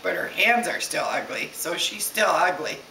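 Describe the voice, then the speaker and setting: A woman voicing a group of schoolchildren in a high, sing-song manner, as part of a story. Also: sing-song, moderate pace, gravelly, sharp tone, slight background noise, full character voice. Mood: taunting. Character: taunting crowd of schoolchildren. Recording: echoey room, distant mic.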